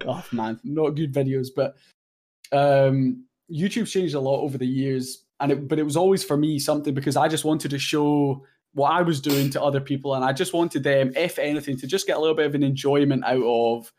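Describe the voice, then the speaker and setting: A man's voice: medium pitch, steady tone, a little fast, a little mellow. A man in his twenties, a guest content creator chatting casually in an interview, rambling and self-deprecating with lots of fillers.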